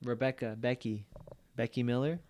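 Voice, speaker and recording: A man's voice: mid-range voice, steady tone, normal speed, a little mellow. Man eager with film trivia. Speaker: podcast co-host. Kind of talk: casual chat.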